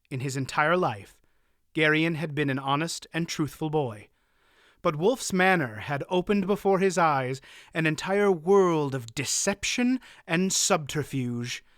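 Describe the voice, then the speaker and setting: Male audiobook narrator; measured pace, bright tone, dry studio sound. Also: a little high, dry recording. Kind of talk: scripted narration.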